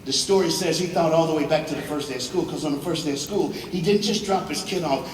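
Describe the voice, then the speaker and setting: A man with a higher voice tells a dramatic story to students, dropping to a hush and then rising to a shout, with joking asides. He speaks in a large auditorium with long reverb. The mic sits well away from him, with a little background noise. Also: fast. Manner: swings from hushed to shouting, with joking asides to the crowd. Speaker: motivational speaker. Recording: echoey hall, far mic, faint noise.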